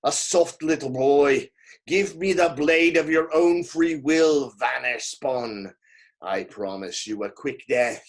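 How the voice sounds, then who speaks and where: A man's voice: fairly high pitch, slow pace. A man voicing a huge fiery male giant, a threatening and commanding villain, in a storybook reading. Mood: scornful.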